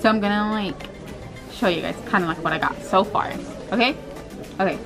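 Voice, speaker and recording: A woman's voice: medium pitch, a little fast, over music. A young woman vlogging casually to the camera, chatty and playful, often giggling. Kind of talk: casual vlog chat to camera.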